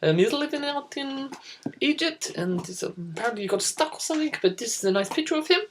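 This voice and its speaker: A woman's voice: sits high, lively intonation, quick pace, a little hiss or hum. A young woman in her teens hosting a spoof news show, goofy and rambling, breaking into giggles. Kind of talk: mock news presenting.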